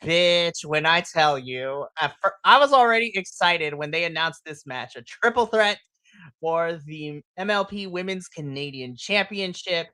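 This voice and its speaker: Excitable host gushing about wrestling. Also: male voice, a little high, measured pace, smooth, no echo. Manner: excitable, swears, animated retellings with shrieks and laughs. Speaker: podcast co-host. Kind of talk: casual wrestling recap chat.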